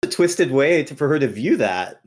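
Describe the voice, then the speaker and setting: A man's voice: medium pitch, very animated, normal speed. A man co-hosting a casual podcast, who chimes in with short questions and guesses. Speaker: podcast co-host.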